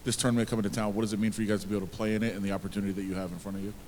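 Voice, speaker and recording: Fast-talking male reporter, far off. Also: on the low side, level tone, a little mellow, big-room sound, a little hiss or hum. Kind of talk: asking press conference questions.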